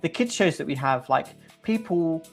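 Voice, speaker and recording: A man co-hosting a livestream, talking in a halting, laid-back casual way with many restarts. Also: on the high side, expressive, faint music behind. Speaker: livestream co-host. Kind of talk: casual chat.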